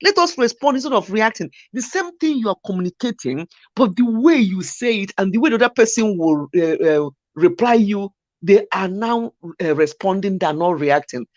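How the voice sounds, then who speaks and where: A woman's voice: mid-range voice, normal speed, few pauses, no room sound. A woman host, chatting casually about marriage and acting out what spouses say. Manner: animated, acts out quoted spouses. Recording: muffled lo-fi sound.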